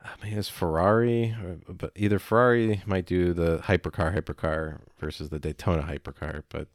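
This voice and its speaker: Deep, gravelly man chatting casually. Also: steady tone, no room sound, clean studio sound. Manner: rambling, halting, full of fillers. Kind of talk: casual chat.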